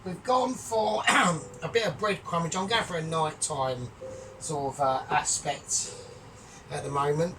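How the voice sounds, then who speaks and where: A man with a put-on Scottish accent hosting a casual home cooking vlog, jokey and boastful with loud bursts. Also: on the high side, a little slow, a little hiss or hum. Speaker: cooking channel host. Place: home kitchen. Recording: distant mic, music behind.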